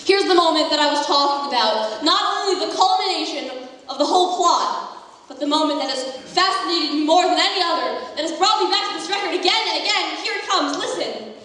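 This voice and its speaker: A woman's voice: high-pitched, animated, brisk, pushed and bright. A teenage girl acting a wistful grown man who confides in the audience and rambles on. She is on a school stage in a school musical. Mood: confiding. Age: teens. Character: wistful adult male theatre fan, talkative narrator. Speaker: student actor. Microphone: far room mic. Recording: distant, very echoey school hall.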